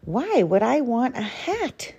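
A woman's voice: mid-range voice, sing-song, slow, warm tone, dull audio. A woman voicing a snappish, sneering male fox in a storybook reading.

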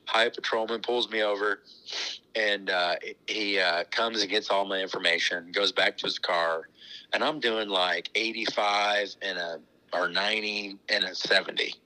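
A man's voice: on the low side, fairly even intonation, moderate pace, bright, forceful tone, rough recording. A middle-aged man, a racetrack owner, telling rambling, chuckling stories in a casual interview. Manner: rambling, chuckling anecdotes with many restarts.

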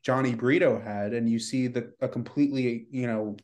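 With a medium-pitched, slightly mellow voice and fairly even intonation, this sports podcast co-host talks at a moderate pace. He rambles in a frustrated way during the casual chat, saying "you know" again and again.

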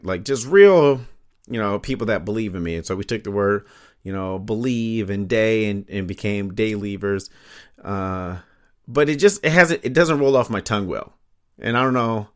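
A man hosting his own podcast alone, talking casually into a home microphone, laughing often and filling his talk with asides. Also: lowish voice. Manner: laughing often, animated, lots of fillers and asides. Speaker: podcast host. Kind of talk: casual solo podcast monologue.

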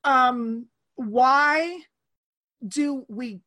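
Woman host, 30s, high bright voice, lively chat on a call. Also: extremely slow. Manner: animated, acts out quoted voices. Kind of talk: casual conversation. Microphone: remote call.

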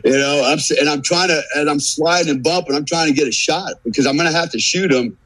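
A man's voice: on the high side, fast talker, dry recording, rough recording. An American man telling a long, profane story in a casual podcast chat, acting out the quotes. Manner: profane, animated anecdote teller acting out quotes. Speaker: guest.

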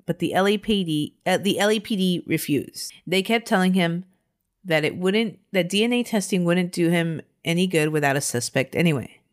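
A woman podcast host recounting a true crime case in a conversational way, laughing now and then. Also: on the low side.

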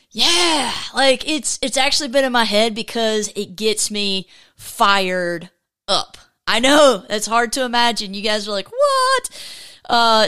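A woman's voice: on the high side, a bit bright, clear, resonant tone. Upbeat, chatty woman podcast host. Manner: upbeat and chatty, rambling with many restarts. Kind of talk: casual faith podcast chat.

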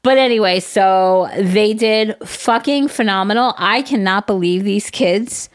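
A woman's voice: mid-range voice, unhurried. A woman in her forties chatting on a podcast, telling a story with swearing and acted-out quotes. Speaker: podcast co-host. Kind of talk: casual chat.

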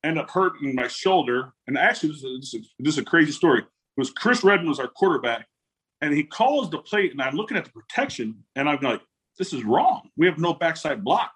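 Husky-voiced guy in his 40s, kinda high for a man, tells stories fast and loose, does everyone's lines, laughs a lot. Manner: animated storyteller who acts out quotes and laughs often. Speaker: guest, former pro football player. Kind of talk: casual storytelling interview.

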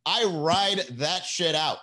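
A man hosting a comedy podcast, talking in a profane, animated, laughing monologue to a live chat. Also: a little high, takes it slowly. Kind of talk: casual comedy monologue on a livestream. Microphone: desk mic with mixer.

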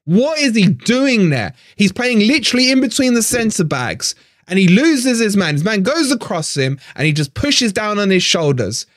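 A man's voice: high voice, sing-song, normal speed, fairly bright tone, no room sound, studio quality. A man hosting a fan channel live stream, ranting in frustration, swearing and repeating himself.

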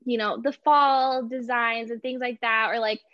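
A woman's voice: on the high side, steady tone, a little slow, dry recording. Woman, young, casual interview guest, lots of fillers, dull lo-fi audio. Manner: chatty, laughs often, many "like" and "you know" fillers. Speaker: guest, artist and small business owner.

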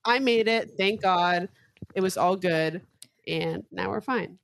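A woman's voice: medium pitch, slow, vocal fry. A young adult woman co-hosting a podcast, telling candid, crude stories in a casual chat. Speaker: podcast co-host.

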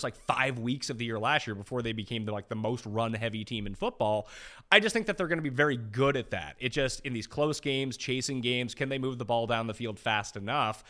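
Brief: man, 30s, sports betting co-host, bright forward voice with lively swinging pitch, teasing and animated. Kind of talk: casual sports betting chat.

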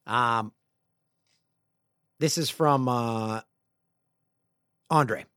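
A middle-aged man hosting a casual podcast, reading listener emails aloud with playful, jokey, rambling asides that swing between loud bursts and quiet mutters. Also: mid-range voice, slow, long pauses, no room sound, clean studio sound. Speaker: podcast host.

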